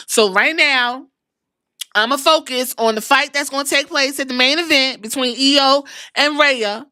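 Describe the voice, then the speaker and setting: A woman's voice: sits high, measured pace, sharp tone, no echo, clean studio sound. A woman podcast host giving a sassy, profane, chatty recap of a wrestling show.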